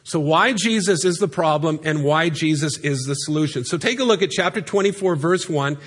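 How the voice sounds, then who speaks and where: Male pastor, high voice, earnest sermon delivery from the church stage. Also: brisk, fairly bright tone, husky. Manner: earnest preaching, reading scripture aloud and explaining it. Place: church sanctuary.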